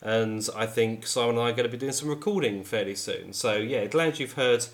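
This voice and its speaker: A man's voice: mid-range voice, fairly quick. Chatty male podcast co-host. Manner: chatty, laughs easily. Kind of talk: casual podcast chat.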